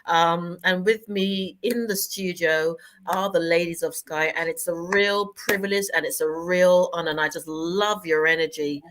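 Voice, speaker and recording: A woman's voice: on the low side, steady tone, moderate pace, hardly any pauses, fairly bright tone, a little hiss or hum. A British woman hosting an online talk show over a video call, bubbly and playful, laughing often. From Britain. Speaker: host.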